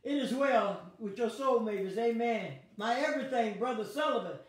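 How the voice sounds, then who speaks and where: A woman's voice: a little high, moderate pace. A woman pastor, leading an online Bible study with call-and-response, exuberant and laughing as she calls out viewers by name. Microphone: device streaming to viewers online. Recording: very echoey, heard from a distance.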